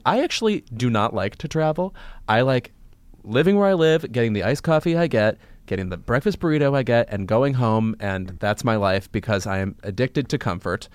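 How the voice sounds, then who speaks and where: A man in his thirties co-hosting a podcast in a studio, trading quick jokes with many ums and uhs. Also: medium pitch, no echo. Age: 30s. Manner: quick joking quips, frequent fillers. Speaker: podcast co-host. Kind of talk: casual studio chat.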